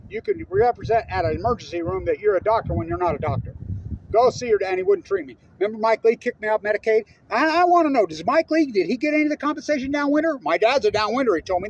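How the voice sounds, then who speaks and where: A man's voice: high-pitched, muffled recording, a little hiss or hum. A middle-aged man from Utah in a heated, profane, rambling political rant. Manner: profane, rambling, heated and jumping between topics. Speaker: political ranter. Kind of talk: unscripted angry monologue.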